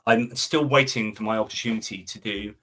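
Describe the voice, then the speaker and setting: A middle-aged man hosts a live stream in a loose, rambling way, full of fillers and restarts. His voice sits a little low, and he reads out and answers viewer comments as casual chat. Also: fairly even intonation, a little fast, pushed and bright.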